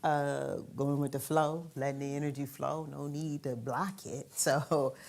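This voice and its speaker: A woman minister leading a congregation in affirmations and an offering prayer, in a calm, measured manner. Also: low-pitched, creaky.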